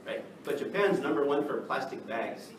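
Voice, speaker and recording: A man from the United States teaching an English class, lively and checking in with the students by asking "right?" again and again. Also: mid-range voice, normal speed. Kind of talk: classroom lecture. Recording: echoey classroom from far off, noisy.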